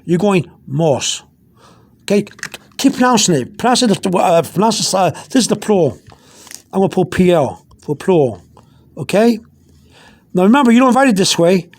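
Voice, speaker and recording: A man's voice: sits high, very animated, moderate pace, darkish tone. A man giving an informal pronunciation lesson, repeating words patiently with frequent restarts, recording on a phone held in one hand. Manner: repetitive, patient, restarts often. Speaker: Spanish teacher.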